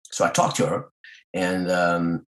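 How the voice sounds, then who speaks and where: A man guest in an interview, a singer and voice artist, telling lively stories and acting out the voices of the people he quotes. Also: deep voice, measured pace, poor audio. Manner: lively storyteller who acts out quoted voices. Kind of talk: animated anecdote-telling.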